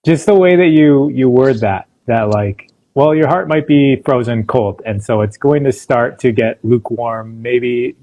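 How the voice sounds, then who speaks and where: A man's voice: mid-range voice, a little slow, few pauses, dark tone, poor audio. A man hosting a casual podcast, easygoing, asking questions and laughing along with his guest. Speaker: podcast host.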